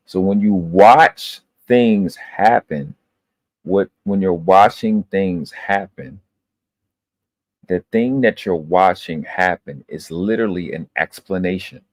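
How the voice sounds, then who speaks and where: A man with a deep, low voice talks to his live stream audience in an emphatic, lecturing way and swears often. The sound is dry and close, with no room echo. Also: lively intonation, slow pace. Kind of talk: casual profane monologue.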